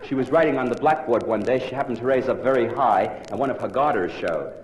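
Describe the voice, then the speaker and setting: A man's voice: medium pitch, fast talker, a little mellow, a little hiss or hum. A man in his forties, a psychologist giving a theatrical, punchline-driven comic lecture to a live audience. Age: 40s. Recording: roomy live hall on early 1960s vinyl. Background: audience laughter.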